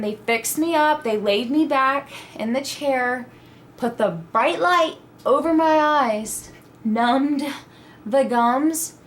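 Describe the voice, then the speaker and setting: A young adult woman telling a personal story in a casual, animated vlog style, acting out her own quoted reactions. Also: a little high, a little hiss or hum. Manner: animated, dramatic retelling with quoted asides. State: pregnant (at the time told). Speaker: vlogger.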